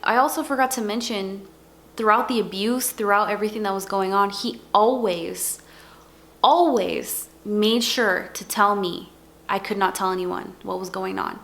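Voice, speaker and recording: A woman's voice: mid-range voice, moderate pace, gravelly, fairly bright tone, a little hiss or hum. Young woman vlogging her own story, earnest, keeps repeating words to hit them harder. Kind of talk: personal testimony vlog.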